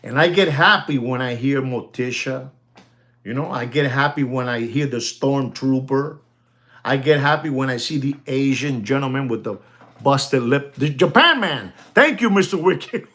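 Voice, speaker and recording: A man hosting a casual watch sales talk, rambling and repetitive, often addressing "ladies and gentlemen" and laughing as he goes. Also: medium pitch, moderate pace.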